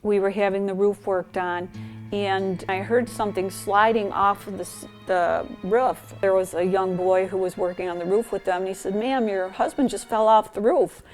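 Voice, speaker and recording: A middle-aged woman calmly recalls family stories in a documentary interview. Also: medium pitch, moderate pace, soft background music. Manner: calm, fond storytelling.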